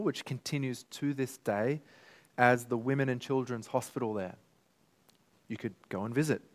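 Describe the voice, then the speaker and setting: A man preaching from the pulpit in a mid-range voice. He speaks earnestly, with heartfelt emotion, and builds to emphatic peaks. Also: mid-range voice. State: tearful at times. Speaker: pastor. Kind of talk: sermon.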